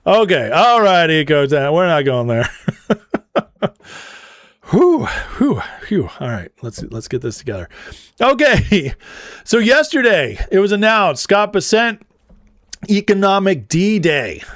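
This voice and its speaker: Livestream host, male, slightly high voice, dry close sound, chatty and laughing a lot. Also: big pitch swings, a little slow, pauses often, a bit bright, dry recording. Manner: laughs often, reads super chats aloud. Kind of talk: casual livestream commentary.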